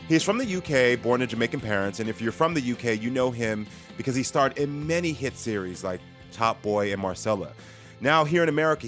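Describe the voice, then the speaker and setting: A man's voice: lowish voice, fairly bright tone. A man hosting an interview podcast in an upbeat, enthusiastic, chatty way. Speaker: podcast host.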